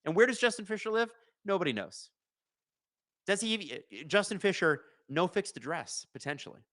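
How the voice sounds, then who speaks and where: A man in his thirties hosts a live stream in casual, joking chat. His voice sits a little high and rings bright and forceful. He reads viewer comments aloud and slips into quick play-by-play of the game. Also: big pitch swings, no room sound. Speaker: host of a live watch-along stream.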